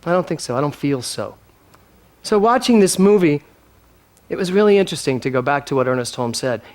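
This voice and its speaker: Animated, fairly high-voiced male minister. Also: fairly quick. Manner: animated, emphatic, draws replies from the congregation; earnest and openly emotional. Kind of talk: sermon.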